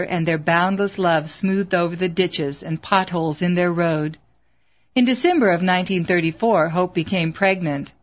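A woman narrating an audiobook in a measured, earnest way, in a slightly dull lo-fi recording. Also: on the low side.

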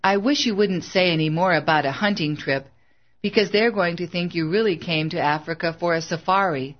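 A narrator reading a cautious, worried church manager. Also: male voice, high voice, brisk, dull audio, close to an everyday voice. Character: worried male ministry manager.

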